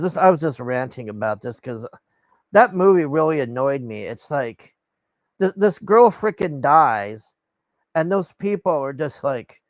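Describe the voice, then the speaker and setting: This vlogger has a medium-pitched voice and vents to his camera in a casual, rambling way. He's exasperated, swears a lot, and trails off with sighs, and there's no room sound.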